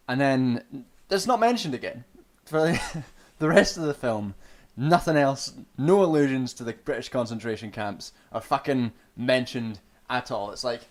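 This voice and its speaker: A young Scottish man on a stream rants about a film, sardonic and casual, swearing often and restarting his sentences as he rambles. His voice is mid-range and his delivery unhurried.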